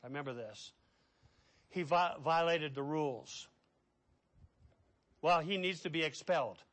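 A middle-aged man preaching a sermon as pastor. He swings between hushed, quiet passages and loud, impassioned ones. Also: fairly high pitch, measured pace.

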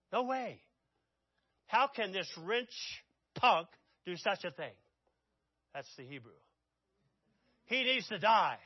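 High-voiced dramatic male preacher. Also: big pitch swings, unhurried, pauses often, slightly rough, dry recording, highs cut off. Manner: dramatic storytelling, swinging from loud outbursts to hushed asides. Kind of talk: sermon.

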